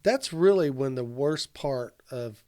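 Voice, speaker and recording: A man's voice: mid-range voice, expressive, slow pace, mellow. A man in a casual podcast discussion, talking at length with long examples, frequent "you know"s and casual swearing. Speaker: podcast co-host.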